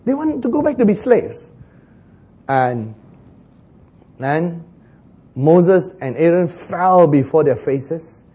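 A man preaching a sermon in an animated way, chuckling as he talks and acting out the lines he quotes. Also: a little high, slow pace, long pauses, breathy edge. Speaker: pastor.

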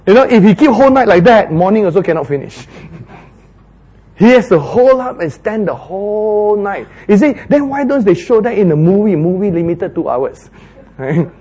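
A man's voice: high voice, lively intonation, normal speed, mellow, breathy edge. A man preaching a sermon, laughing often and acting out biblical dialogue with sudden jumps in his voice.

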